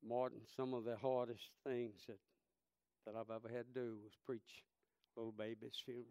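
Man, 30s, pastor preaching, impassioned, smooth clear voice, dry close sound. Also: mid-range voice, little pitch movement, moderate pace, no echo. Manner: impassioned, swings from shouting to hushed storytelling. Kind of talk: sermon.

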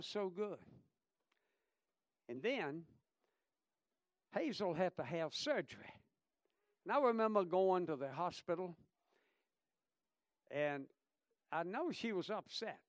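A man pastor, preaching a sermon that moves from fervent exhortation to quiet storytelling. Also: high-pitched, no room sound, clean studio sound.

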